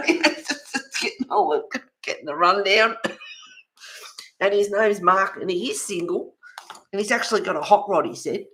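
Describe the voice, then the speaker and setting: Chatty woman, fifty-plus, relaxed livestream host who tells neighbourhood gossip and laughs a lot. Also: lowish voice, normal speed. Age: 50s or older. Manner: gossipy storytelling, laughs often. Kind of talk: casual chat while colouring.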